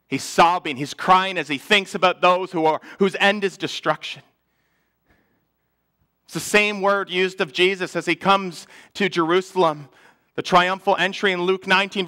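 A man, a pastor, preaching a sermon in a church, earnest, building up louder and then falling to a hush. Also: high voice.

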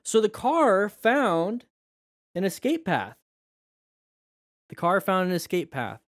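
A man's voice: high-pitched, slow, no echo. Joking man commenting on ride clips. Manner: joking, lively, talks straight to viewers. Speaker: riding instructor. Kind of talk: casual commentary over ride videos.

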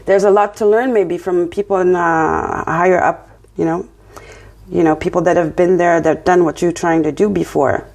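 A woman's voice: lowish voice, fairly even intonation, moderate pace, a little mellow. A woman with a French accent giving a casual tarot reading, encouraging and often checking in with her listener. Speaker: tarot reader.

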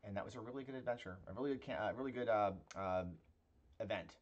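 A man's voice: on the low side, fast talker, muffled recording. A man with a Pittsburgh accent tinged with Philadelphia, co-hosting a casual tabletop-game podcast as game master and talking in a rambling way full of filler sounds. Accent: Pittsburgh with a touch of Philadelphia. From Pennsylvania.

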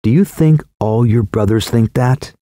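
A man's voice: medium pitch, a little slow, mellow, no echo, clean studio sound, close to an everyday voice. A man voicing a stern male council elder, cold and condemning, in a scripted storybook reading.

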